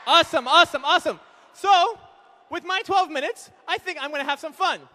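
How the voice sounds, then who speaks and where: A man in his thirties doing animated stand-up comedy, acting out quick voices of husbands and wives on a live hall mic. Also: extremely high pitch. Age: 30s. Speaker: comedian speaker at an event. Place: large hall with an audience.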